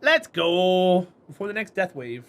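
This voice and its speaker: Bright, high-voiced male streamer. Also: sing-song. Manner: chatty, rambling, answers chat, quick to laugh. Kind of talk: casual live-stream chat while gaming.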